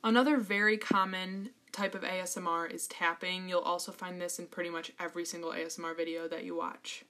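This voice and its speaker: A woman's voice: lowish voice, steady tone, a little fast, a bit bright. A young woman casually co-presenting in a group, chatty and using fillers.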